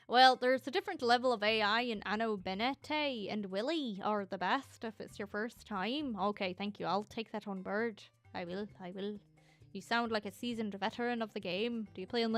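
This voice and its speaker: Scottish woman, streamer, casual teasing chat, fairly high voice, dry close sound, faint music behind. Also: no echo. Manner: excitable, teasing, swears freely. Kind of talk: casual chat reading viewer comments.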